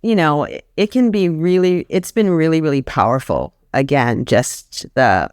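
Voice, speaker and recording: A woman's voice: low voice, lively intonation, moderate pace, darkish tone, clear, resonant tone, no room sound, clean studio sound. A woman guest talking casually and earnestly about a sabbatical grant program, telling stories and acting out the people she quotes. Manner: earnest storytelling, acts out quoted voices. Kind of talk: casual conversation.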